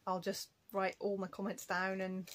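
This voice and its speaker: A woman with a slightly husky voice chats casually to her viewers about her stitching. She rambles in a friendly, self-deprecating way. Her pitch sits in an ordinary middle range. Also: monotone, moderate pace, low-quality recording. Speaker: cross-stitch vlogger. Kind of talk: casual chat to camera. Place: at home.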